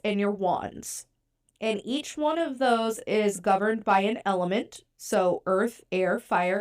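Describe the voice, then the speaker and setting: A woman's voice: medium pitch, a little mellow. A woman hosting a podcast, talking casually and chattily with a stuffy, congested nose. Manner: chatty, conversational, many fillers. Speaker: podcast host. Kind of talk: casual podcast talk about tarot.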